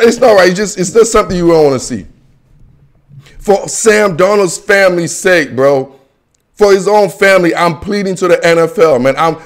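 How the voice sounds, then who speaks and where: Young male sports host, high-pitched, slangy, animated ranter. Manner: animated, ranting and pleading, slangy with frequent "man" and "bro"; bursts into shouts and laughs. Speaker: host of a football show. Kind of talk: casual solo sports commentary.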